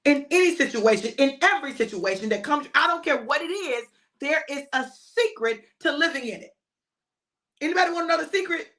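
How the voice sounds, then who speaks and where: An older woman preaches in an informal sermon, her high voice swinging widely up and down. She is emphatic and repetitive and keeps calling out to her listeners. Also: lively intonation, fairly quick, a bit bright.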